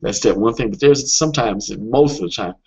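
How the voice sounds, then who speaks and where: A man with a fairly low, husky voice talks through a webinar lesson in a casual coaching tone. He is earnest and often stops on fillers or restarts a sentence. The audio is dull and lo-fi. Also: fairly quick, a little mellow.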